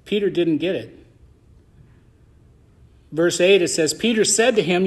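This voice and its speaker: A man with a fairly high voice preaches a sermon as pastor of a church. He shifts between loud, drawn-out emphasis and quieter asides to his congregation.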